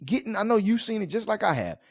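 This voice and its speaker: A man co-hosting a podcast, telling stories in animated, slangy casual chat and laughing often. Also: high-pitched, quick pace, creaky, no room sound. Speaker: podcast co-host.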